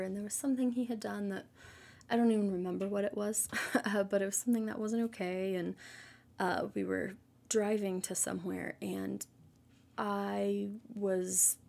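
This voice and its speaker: Woman, devotional teacher and mom: casual, earnest, gentle, husky tone with soft near-whispered stretches. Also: medium pitch, fairly even intonation, normal speed. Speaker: Christian mother giving devotional teaching.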